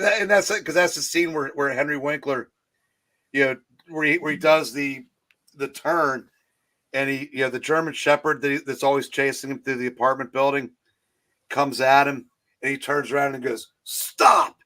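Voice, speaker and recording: A man co-hosting a casual movie talk stream, rambling and halting with many restarts, talking into a streaming call mic. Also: mid-range voice, fairly even intonation, bright, forceful tone. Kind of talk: casual chat.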